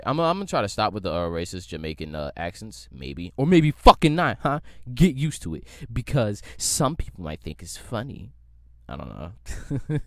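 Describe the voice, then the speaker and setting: A man with a lowish voice rants through his podcast, cracking jokes and swearing freely as he rambles from one thought to the next. The sound is dry and close, with no room around it. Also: no room sound. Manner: profane, rambling, joking. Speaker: podcast host. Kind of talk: casual comedic rant.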